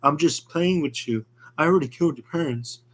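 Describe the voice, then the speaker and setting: A man's voice: a little high, brisk, a bit bright, breathy edge. A man voicing a smug middle-aged killer who mocks his victims. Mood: gloating. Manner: smug, mocking. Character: gloating middle-aged male serial killer.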